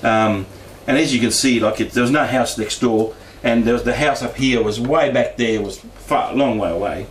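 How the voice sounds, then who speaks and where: A man at a mid-range pitch rambles through a personal story, circling back and restarting his sentences. He is picked up from some distance away in a roomy, echoing meeting room. A faint hum of background noise sits under his voice. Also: moderate pace, hardly any pauses. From Brisbane, Australia. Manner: meandering, frequent restarts and asides. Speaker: guest speaker at a paranormal discussion group.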